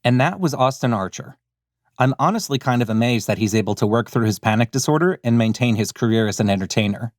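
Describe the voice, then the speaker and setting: A man's voice: medium pitch, lively intonation, quick pace, dry recording, clean studio sound. A man hosting a podcast, reading the outro and credits with wry, self-mocking asides. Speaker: podcast host. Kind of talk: scripted outro narration.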